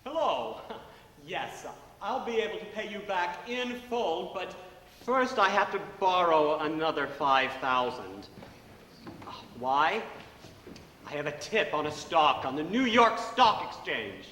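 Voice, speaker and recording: An actor in a stage musical playing a suave, broke baron who talks with an unhurried, smooth charm. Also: male voice, high voice, sing-song, pushed and bright, slight background noise, exaggerated voice. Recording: echoey theatre hall with orchestra.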